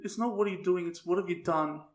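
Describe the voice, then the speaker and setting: A man's voice: high-pitched, fast talker. A young man co-hosting a podcast, telling absurd tall tales with a straight face and swearing a lot. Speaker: podcast co-host. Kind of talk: crude comedic banter. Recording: roomy echo.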